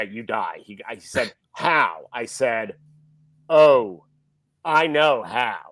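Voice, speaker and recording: There's no echo on this mid-range voice of a middle-aged man, a film director guesting on a podcast. He tells a casual story and animatedly acts out whoever he's quoting.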